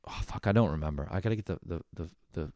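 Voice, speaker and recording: A man's voice: deep voice, fast talker, a little mellow, no echo. A man hosting a comedy podcast, telling rambling, profane stories in a casual monologue and laughing at his own jokes. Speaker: podcast host.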